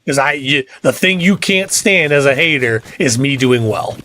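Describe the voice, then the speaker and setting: A man's voice: medium pitch, animated, normal speed, sharp tone. A middle-aged man, chatting casually on a game livestream and ranting with cussing. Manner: fired-up ranting with cussing and laughs. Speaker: livestream gamer.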